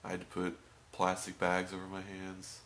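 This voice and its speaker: A young man telling stories about a fast food job in a casual vlog. He swings between loud outbursts and muttered asides. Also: sits low, completely flat delivery, slight background noise. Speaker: vlogger.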